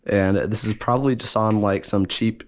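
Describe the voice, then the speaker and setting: A man's voice: fairly low pitch, fairly even intonation, normal speed, slight background noise. A man talking casually through an unboxing and review, rambling and correcting himself as he goes, with enthusiasm. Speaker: balisong reviewer.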